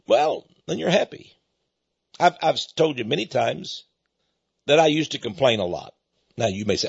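A man's voice: medium pitch, slightly rough, dry recording, lo-fi sound. A man preaching on a radio program in a folksy, plainspoken way, often chuckling as he talks. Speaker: radio minister.

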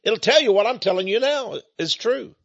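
Give me a high, husky East Texan man preaching on lo-fi audio. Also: moderate pace, a bit bright. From Texas. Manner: folksy, emphatic. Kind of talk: preaching monologue.

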